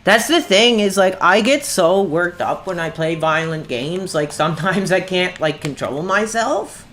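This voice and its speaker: A man's voice: high-pitched, expressive, fairly bright tone. Irritable man in his thirties streaming. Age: 30s. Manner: irritable, quick to anger, says "dude" constantly. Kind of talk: casual gaming livestream chat.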